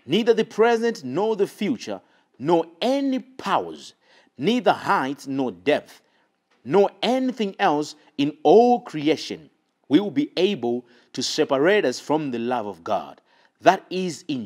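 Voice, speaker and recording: A man reading a Bible passage aloud during a sermon. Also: fairly high pitch. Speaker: scripture reader.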